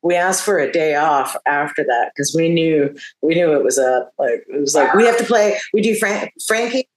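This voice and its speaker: A woman's voice: deep voice, normal speed, poor audio. Laughing, profane rock woman. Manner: laughing, profane, animated storyteller. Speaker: touring rock guitarist, interview guest. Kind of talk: casual phone interview.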